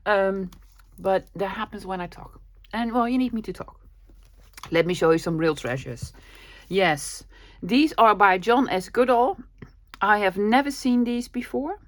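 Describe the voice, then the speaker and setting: A woman's voice: mid-range voice, measured pace, long pauses, no room sound. Chatty woman with a cold. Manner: bursts of giddy excitement, chatty. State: coming down with a cold, sore throat. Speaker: vlogger showing a thrift haul. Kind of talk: casual chat.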